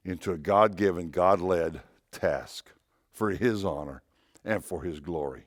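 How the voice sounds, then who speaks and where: A man's voice: low voice, a little slow, no room sound, clean studio sound. A man, a pastor, preaching a conversational sermon in church, repeating phrases and asking rhetorical questions.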